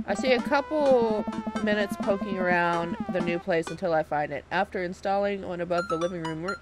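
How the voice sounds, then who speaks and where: Excitable woman playing a dating game. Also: fairly low pitch, fairly quick, over loud music. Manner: animated, excitable, laughing reactions. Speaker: let's player. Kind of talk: reading a dating game aloud.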